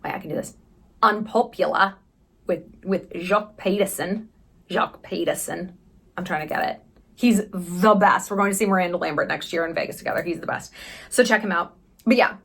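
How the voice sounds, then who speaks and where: A woman in her thirties from the United States, chatting candidly in a travel vlog, sarcastic and quick with profane asides. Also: on the low side, vocal fry. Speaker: vlogger. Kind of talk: casual travel vlog chat.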